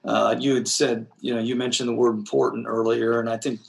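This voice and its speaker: A man's voice: medium pitch, flat delivery, brisk, creaky. A man hosting an interview, speaking in a loose, affirming conversational way. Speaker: host.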